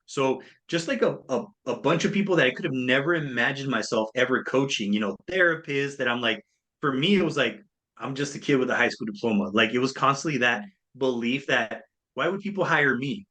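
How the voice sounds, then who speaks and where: An interview features a speaker and coach in his thirties telling his story with a medium-pitched voice at a fairly quick pace. His delivery is animated, and he acts out the voices of people he quotes.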